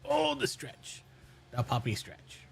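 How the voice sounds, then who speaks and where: A man streaming casually from home, chatting and talking fondly and softly to his dog. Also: medium pitch, big pitch swings, moderate pace, a little hiss or hum, low-quality recording. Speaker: live streamer. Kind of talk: casual chat while streaming.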